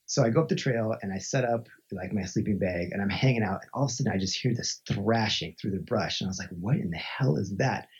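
Man, from Montana, podcast guest, very raspy voice, muffled lo-fi sound, animated storyteller. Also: lowish voice, fast talker, hardly any pauses. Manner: animated, acts out quoted voices, many filler "like"s. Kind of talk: conversational storytelling. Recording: dull lo-fi recording.

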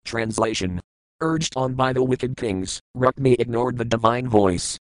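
A man's voice: medium pitch, no echo, poor audio. Man reading scripture glosses, dry. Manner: measured, list-like reading of terms and glosses. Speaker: scripture reader. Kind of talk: scripted recitation of verses with word meanings.

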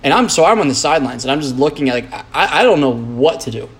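A man's voice: fairly high pitch, animated, fast talker. A man, a podcast host, rambling in a casual monologue, blunt and profane, full of "like" and restarts.

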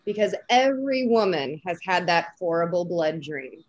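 A woman's voice: lowish voice, very animated, moderate pace, dull audio. A woman, a professional dog trainer, joining a casual podcast chat as the guest. She speaks frankly and laughs often.

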